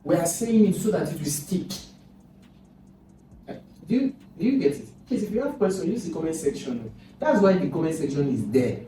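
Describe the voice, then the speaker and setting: A man's voice: a little high, very animated, moderate pace. Man teaching in an echoey room. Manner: explains step by step, repeats words, asks questions aloud. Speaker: exam tutor. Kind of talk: recorded lesson. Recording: very echoey room, distant mic, noisy.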